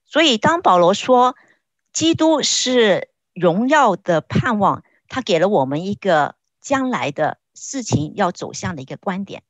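A woman interprets a sermon phrase by phrase, pausing at times to search for words. Her pitch rises and falls with a lot of movement. The recording is close and dry. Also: big pitch swings, no echo. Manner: searching for words, with frequent hesitations.

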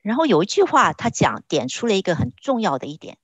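Lively woman interpreting a sermon. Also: medium pitch, quick pace, slightly rough, no room sound. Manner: searching for words, with frequent hesitations.

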